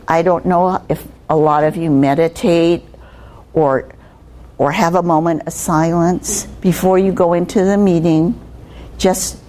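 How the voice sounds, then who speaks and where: Here an older woman with a medium-pitched, somewhat dark voice is a guest speaker leading a communication skills workshop. She talks to the students conversationally and keeps asking them rhetorical questions.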